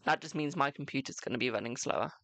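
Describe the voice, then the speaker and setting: Casual British male streamer, gravelly tone, dry close sound, chatty and self-deprecating. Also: medium pitch, quick pace, pushed and bright, dry recording. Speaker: tarot reader and live streamer. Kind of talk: casual live-stream chat.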